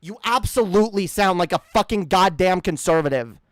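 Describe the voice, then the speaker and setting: A man's voice: sits high, lively intonation, moderate pace, no echo, clean studio sound. A man streaming a reaction, ranting in a heated, profane, rambling way.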